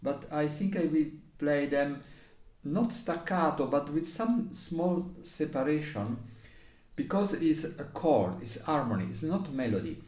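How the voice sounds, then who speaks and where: Explaining recorder phrasing with an Italian accent and non-native English, a man occasionally hesitates and sings passages on syllables. His voice is on the high side and darkish, animated yet unhurried, recorded in an echoey space.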